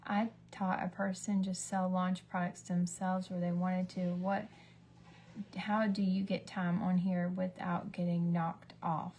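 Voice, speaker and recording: This beauty vlogger speaks low and slow, with a darkish tone and little pitch movement, over slight background noise. Doing her makeup on a casual livestream, she rambles and chats, drifting between stories and occasionally dropping to a whisper.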